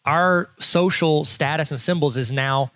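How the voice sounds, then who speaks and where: A man co-hosts a casual podcast, excitable and joking as he rattles along. His voice sits a little high. The sound is dry and close on the mic. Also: no room sound. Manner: excitable, fast-talking, jokey. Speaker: podcast co-host. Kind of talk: casual comedic chat.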